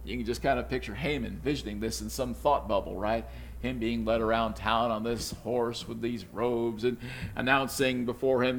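A man's voice: mid-range voice, steady tone, normal speed, creaky, a little hiss or hum. A man teaching from the Bible, retelling the story in a conversational way with informal asides and chuckles.

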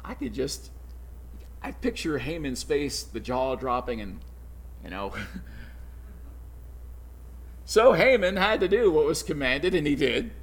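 High-voiced man retelling scripture casually. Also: sing-song, measured pace, long pauses. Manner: informal asides and chuckles while retelling scripture. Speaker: Bible teacher. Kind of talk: conversational Bible storytelling.

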